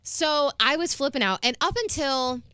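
A woman in her thirties telling a story in casual chat, animated and emphatic, swearing freely. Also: sits high, normal speed, dry recording, studio quality. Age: 30s.

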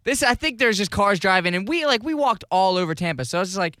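A man's voice: high-pitched, lively intonation, fast, bright, forceful tone, no room sound, studio quality. A man on a casual podcast, sheepishly recounting a drunken night out. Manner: sheepish, laid-back storytelling. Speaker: podcast co-host.

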